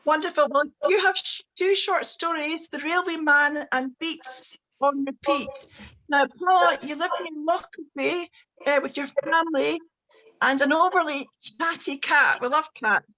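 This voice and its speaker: A woman with a high, bright voice hosts a book launch over a video call. She introduces each reader in a friendly, meandering way, filling her pauses with ums. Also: muffled recording. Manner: warm chatty introductions with frequent ums. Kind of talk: online launch event introductions.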